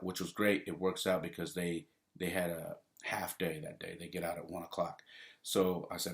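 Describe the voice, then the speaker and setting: A man's voice: low voice, little pitch movement, normal speed, vocal fry. A man hosting his own podcast, telling stories in a laid-back, rambling way, laughing often and saying "man" and "you know". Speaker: podcast host. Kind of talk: casual solo podcast storytelling.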